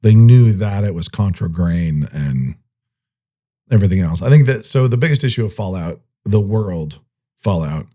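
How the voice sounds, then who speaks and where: A man co-hosting a podcast in easy, casual chat. His voice sits a little low and comes across dark and mellow. He is playful, throwing in goofy sound effects and laughing often. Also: lively intonation, normal speed. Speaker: podcast co-host.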